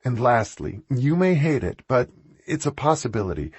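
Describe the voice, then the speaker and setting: A man reading an audiobook, voicing a meek, earnest woman pitching ideas. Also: big pitch swings, normal speed, a little mellow, slightly rough, no room sound, dull audio.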